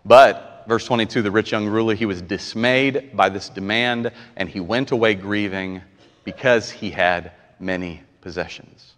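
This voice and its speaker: A man preaching a live sermon as pastor, impassioned and swinging between quiet stretches and near-shouting. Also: fairly low pitch, a little slow. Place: church sanctuary. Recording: long reverb of a large church hall.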